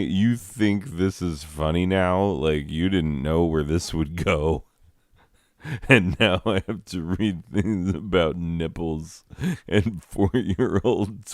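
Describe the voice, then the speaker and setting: Male comedy host, deadpan and self-mocking, slow and low-voiced, close dry mic. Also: no echo. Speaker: comedy advice host reading letters. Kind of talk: rambling comedic monologue. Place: at home with a cat nearby.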